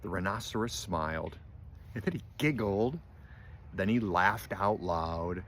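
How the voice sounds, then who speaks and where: An older man with a fairly low voice reads a picture book aloud to his grandchildren. He stops often to ask them gentle questions, and a faint hum of the room sits behind him. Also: animated, unhurried. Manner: gentle, asks children questions.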